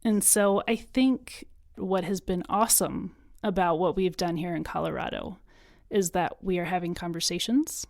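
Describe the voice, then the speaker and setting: Low-voiced earnest woman guest. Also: normal speed, creaky, a little mellow, no room sound, studio quality. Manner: earnest, emotional at times, laughs. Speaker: podcast guest. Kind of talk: conversational interview.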